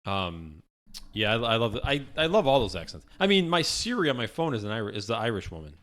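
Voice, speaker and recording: A man's voice: mid-range voice, very animated, fast, fairly bright tone. A man co-hosting a podcast, rambling in casual chat and trailing off into mumbles. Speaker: podcast co-host.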